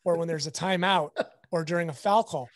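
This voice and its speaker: Man telling a lively courtside story. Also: on the high side, brisk, no room sound, studio quality. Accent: Southern Californian. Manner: animated, acts out quoted dialogue. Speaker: sports photographer guest. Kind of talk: casual storytelling.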